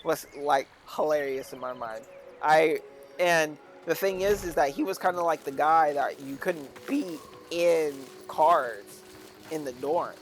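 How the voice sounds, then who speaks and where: Dude streaming a game and rambling through a story, lots of "like" and "right?", voice on the higher side. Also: male voice, measured pace. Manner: rambling, with many "like" and "right?" tags. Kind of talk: casual storytelling while gaming.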